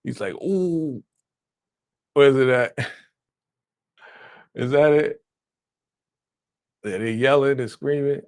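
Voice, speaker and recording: A man hosting a casual live-stream reaction, animated and laughing, acting out quotes in a raised voice. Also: mid-range voice, slow pace, long pauses, clean tone, no echo, clean studio sound.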